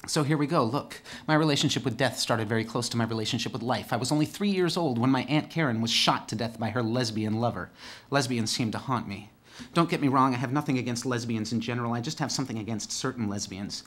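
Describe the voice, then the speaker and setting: A man from northern California performing a theatrical storytelling monologue with dark, sardonic humor, moving between hushed, somber delivery and loud, emphatic bursts. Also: mid-range voice, fast talker. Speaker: solo stage performer.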